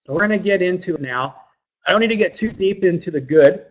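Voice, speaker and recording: An earnest man presents a health webinar, his voice sitting a little higher than most men's. He often repeats words as he goes. The sound is dull and lo-fi from a laptop microphone. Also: animated, quick pace. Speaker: functional medicine practitioner.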